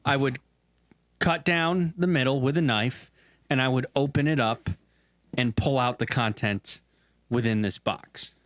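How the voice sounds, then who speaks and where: A man's voice: medium pitch, a little slow, fairly bright tone, no room sound, clean studio sound. Easygoing man co-hosting a podcast. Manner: easygoing, reading aloud and joking. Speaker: podcast producer and co-host. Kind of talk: casual podcast chat.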